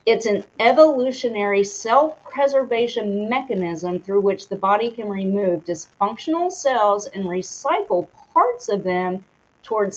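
A woman co-hosting a live show, reading product details aloud, tripping over hard words and laughing at herself. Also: mid-range voice. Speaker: co-host reading a sponsor segment. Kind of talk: casual live-stream talk. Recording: dull lo-fi stream audio.

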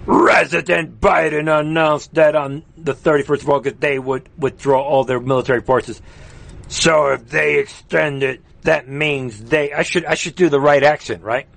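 A man's voice: medium pitch, moderate pace, creaky, a bit bright. Heated, mocking man ranting. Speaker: host. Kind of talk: live political commentary.

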